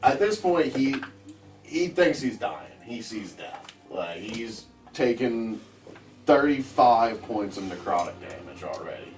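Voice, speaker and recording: A man's voice: medium pitch, big pitch swings, a little slow, darkish tone. A man playing in a tabletop game, talking hesitantly and swearing now and then, recorded from a distance with music behind. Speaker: player. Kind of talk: casual tabletop play. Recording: distant mic with background music.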